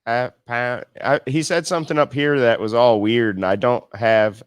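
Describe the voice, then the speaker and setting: Smooth-voiced man reading chat comments. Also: mid-range voice, steady tone, normal speed, no room sound. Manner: loose and profane, laughs often, stumbles while reading. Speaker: co-host. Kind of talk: casual chat, reading viewer comments aloud.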